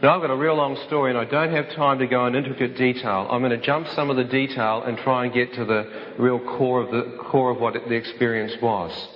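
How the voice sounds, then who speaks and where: A man relating his testimony to an audience in vivid, storytelling fashion, at an everyday pitch. His voice carries through an echoey hall, and the sound is slightly dull. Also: fairly even intonation, fairly quick, few pauses. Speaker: speaker giving a testimony. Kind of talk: dramatic personal testimony to an audience.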